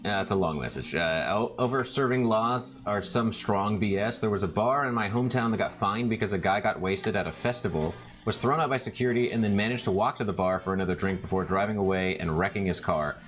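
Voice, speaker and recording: A man's voice: fairly low pitch, fairly quick, few pauses. A young man who works in a bar, joking casually on a cooking stream and telling stories. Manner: joking, expressive storyteller who reads out chat messages. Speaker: bar worker.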